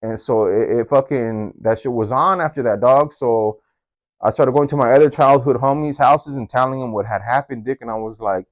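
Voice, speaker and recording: A man's voice: normal speed, no room sound. Profane, slangy man telling a story. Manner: slangy and profane, jumps into high-pitched voices when quoting. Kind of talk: casual first-person storytelling.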